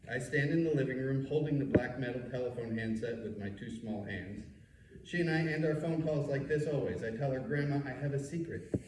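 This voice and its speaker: A man's voice: medium pitch, a little fast, background noise. A man in his fifties from New York City, a rabbi reading his memoir aloud with a wry storytelling delivery and asides. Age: 50s. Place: meeting room. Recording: echoey room, mic far off.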